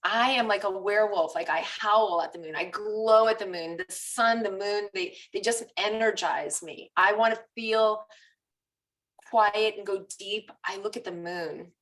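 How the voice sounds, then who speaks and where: A woman fitness coach in a casual live group coaching chat, telling personal stories in an animated, confessional way. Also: mid-range voice, a little slow, recorded from a distance, poor audio.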